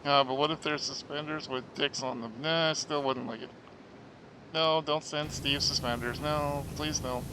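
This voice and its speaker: Joking male streamer, slightly high voice. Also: fairly even intonation, normal speed, background noise. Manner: joking, self-mocking, clears throat often. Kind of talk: casual chat reading out stream chat.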